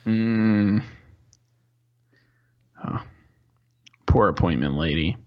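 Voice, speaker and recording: A man's voice: lowish voice, extremely slow, lo-fi sound. A male podcast co-host in casual chat, hesitant and full of fillers as he asks questions.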